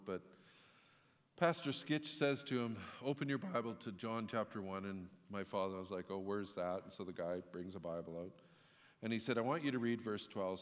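A man's voice: medium pitch, in a large hall. A man preaching a sermon in a church, telling a story in a conversational way and rising into emphatic outbursts. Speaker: pastor.

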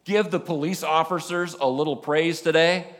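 A man with a Southern American accent preaching a sermon as a pastor, animated, dropping low and quiet for emphasis. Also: moderate pace, noisy background. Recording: long hall reverb.

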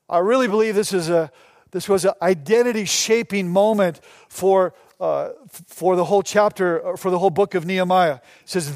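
Male pastor, sermon delivery, fairly high voice, close dry sound, acts out the lines he quotes. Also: a little fast, no room sound. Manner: animated, acts out quoted dialogue.

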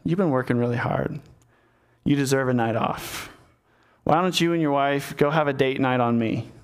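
A man's voice: medium pitch, normal speed, clear, resonant tone, lightly acted. A man voicing a panicked, guilty king who makes awkward small talk as he tries to cover up a mistake. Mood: falsely cheerful.

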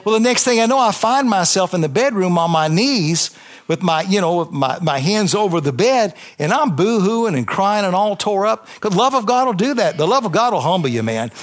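A man's voice: high voice, animated, a little fast. A man, a pastor giving an impassioned, conversational testimony sermon to a congregation in church, with emphatic repetition.

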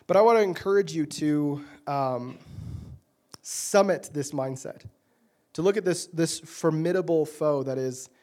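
A man's voice: mid-range voice, darkish tone. A young man preaching a sermon in an earnest, conversational way, often restarting phrases. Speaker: pastor.

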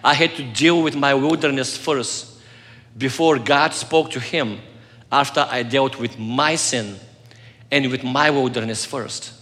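A pastor delivering an earnest sermon, telling a personal story and swinging between loud passages and soft, hushed moments. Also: male voice, medium pitch, measured pace, in a large hall.

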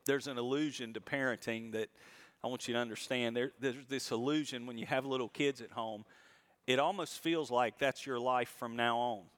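A middle-aged man preaching a sermon, swinging between quiet reflection and loud, high emphasis and slowing down on key lines. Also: fairly even intonation. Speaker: pastor.

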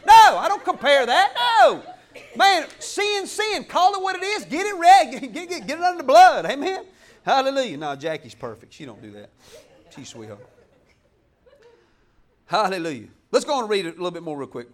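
Very high-voiced preacher man. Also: sing-song, normal speed. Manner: passionate, preaching with bursts of shouting and laughter. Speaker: pastor. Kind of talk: sermon. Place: church.

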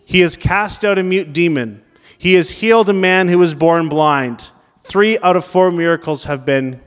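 High-voiced male pastor in a reverberant hall. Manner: conversational preaching, questions the congregation. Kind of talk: sermon. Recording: long reverb of a large hall.

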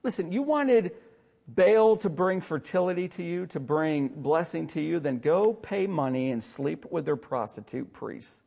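A man preaching a sermon as pastor, with dramatic swings between loud emphasis and hushed asides and a sarcastic streak. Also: fairly high pitch, lively intonation, a little slow, vocal fry. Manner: sarcastic humor.

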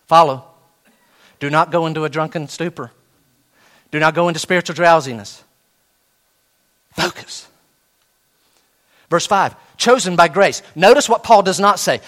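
A man preaching a sermon, animated, with sudden soft drops and slow, emphatic repetition of key phrases. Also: a little high. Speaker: pastor.

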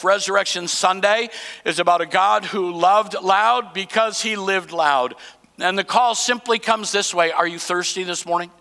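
A man preaching a sermon as pastor, swinging between shouted proclamations and hushed, slow lines. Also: high voice, creaky, in a large hall.

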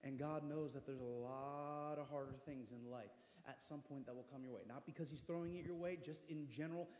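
A man in his thirties preaching a passionate sermon as pastor, swinging between hushed and loud delivery. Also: mid-range voice, steady tone, a little fast. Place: church sanctuary. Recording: echoey church hall.

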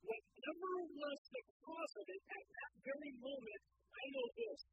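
A woman's voice: extremely high pitch, very animated, moderate pace. A woman teaching a sermon on a psalm, earnest and pleading, asking her listeners rhetorical questions. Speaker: Bible teacher. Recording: dry, dull lo-fi recording.

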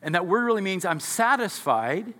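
A man with a high, bright voice preaches a sermon in a church sanctuary. He talks to his congregation conversationally and keeps checking in with questions. His voice rings out with a long reverb from the hall. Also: big pitch swings, moderate pace. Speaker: pastor.

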